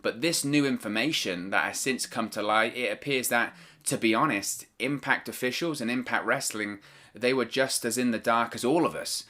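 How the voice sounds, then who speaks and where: Bright-voiced man, hesitant news commentary. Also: medium pitch, normal speed. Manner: hesitant, repeats words, stumbles while choosing words carefully. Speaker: wrestling news vlogger. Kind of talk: solo news commentary to camera.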